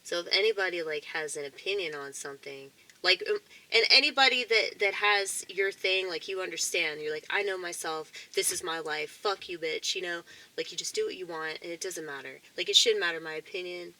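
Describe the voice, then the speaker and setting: A woman's voice: fairly low pitch, fairly quick, pushed and bright, rough recording. Rambling woman with a Southern twang. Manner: meandering, profane, frequent fillers and short laughs. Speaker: vlogger. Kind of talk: rambling casual monologue.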